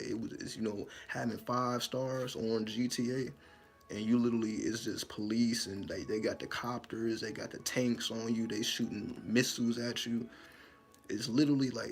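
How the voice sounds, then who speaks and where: A man recounts a dream in a loose, animated monologue, cursing freely and jumping into his own frightened voice. His tone is gravelly and rough, with soft music running faintly behind him. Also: mid-range voice. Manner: animated, profane, acts out his own panicked lines. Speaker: spiritual storyteller. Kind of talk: casual dream storytelling monologue.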